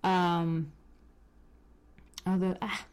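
A woman's voice: on the low side, little pitch movement, very slow, darkish tone. A woman hosting a podcast from home, chatting casually, rambling with lots of fillers and restarts, and walking around the room as she talks. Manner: moves around the room while talking. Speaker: podcast host. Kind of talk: casual chat.

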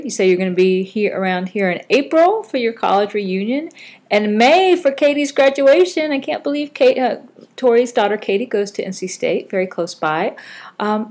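A woman's voice: on the high side, darkish tone. A woman hosting a casual podcast, chatting and reading out listener comments with frequent fillers and self-corrections. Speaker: podcast host.

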